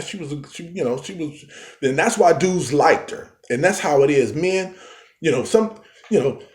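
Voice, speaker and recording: Brief: man spinning a loose rambling yarn, slangy and animated, mid pitch, echoey room. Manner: rambling, full of fillers and street slang, animated quoting. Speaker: storyteller. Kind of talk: casual storytelling.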